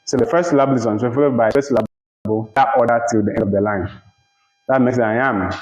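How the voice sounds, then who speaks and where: Male lecturer, deliberate and repetitive, recorded in an echoey room with muffled, lo-fi sound. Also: medium pitch, a little mellow. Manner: deliberate, repeats phrases, checks understanding. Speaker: literature lecturer. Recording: roomy, dull lo-fi recording.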